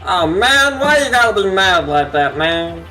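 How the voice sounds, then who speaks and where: A young man co-hosting a let's play, joking and swearing with quick quips over the game. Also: sits high, big pitch swings, bright, forceful tone, faint music behind. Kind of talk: casual gaming commentary.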